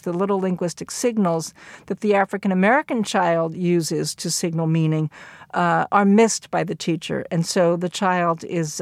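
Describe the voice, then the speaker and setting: A woman giving a recorded lecture, explaining at a measured pace and acting out the quoted lines. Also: fairly low pitch, dry recording.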